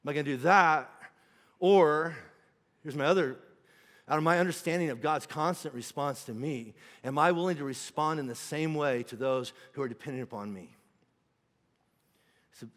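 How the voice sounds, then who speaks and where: A man's voice: mid-range voice, normal speed, pauses often, fairly bright tone, big-room sound. A middle-aged man preaching a sermon as pastor, in a conversational way, acting out quoted voices. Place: church auditorium.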